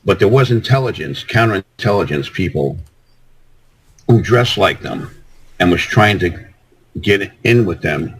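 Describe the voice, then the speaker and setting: A man with a very deep, husky voice. He rambles through his answers, stumbling and restarting his sentences as a guest on a casual call-in talk. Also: lively intonation, a little slow, long pauses, poor audio. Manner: rambling, repeats words and restarts.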